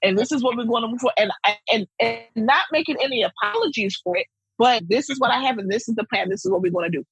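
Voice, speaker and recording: Female principal guest, strongly husky voice, emphatic and lively delivery. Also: a little high, quick pace, no room sound, faint music behind, rough recording. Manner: emphatic and animated, with repeated phrases. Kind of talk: interview conversation.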